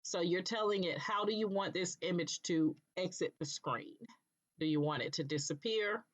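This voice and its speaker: A woman presenting a screen-recorded software tutorial, explaining patiently step by step and checking in with "okay", with an occasional cough. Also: lowish voice, normal speed. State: coughing now and then. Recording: dull lo-fi recording.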